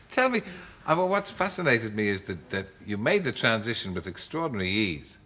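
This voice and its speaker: A man hosting a chat show, asking quick questions in a teasing way. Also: lowish voice, big pitch swings, sharp tone. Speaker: talk show host.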